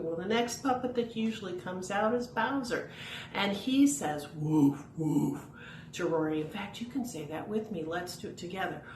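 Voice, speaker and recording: A woman's voice: on the low side, darkish tone. Chatty woman in an echoey room. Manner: friendly, chatty, encouraging. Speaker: mentoring coordinator. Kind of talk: casual instructional talk to camera. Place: at home. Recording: echoey room with faint noise.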